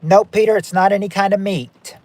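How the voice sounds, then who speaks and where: A man's voice: high-pitched, fairly even intonation, a little fast, a little mellow, no echo. Chatty man hosting a stream game night. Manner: chatty, reading out and ruling on viewer guesses. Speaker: game show host.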